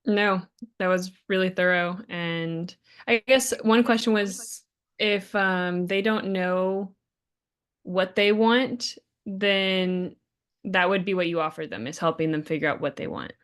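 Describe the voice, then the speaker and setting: A woman in a coaching session, asking questions quickly and thinking aloud. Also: on the low side, fairly bright tone, clean tone. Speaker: student.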